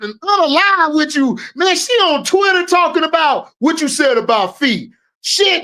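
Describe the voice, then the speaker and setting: A woman hosting a sports talk show, ranting and roasting players in loud, profane commentary. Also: high voice, poor audio. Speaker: sports podcast host.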